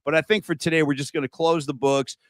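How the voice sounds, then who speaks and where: A man hosting a podcast, telling stories in a casual, animated way and saying "dude" often. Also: fairly high pitch, fast, dry recording. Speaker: podcast host.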